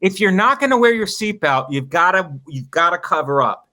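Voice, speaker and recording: A man's voice: high voice, expressive, moderate pace, bright, forceful tone. A man co-hosting a comedy podcast, riffing playfully and slipping into mock-stern bits. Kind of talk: casual comedy podcast banter.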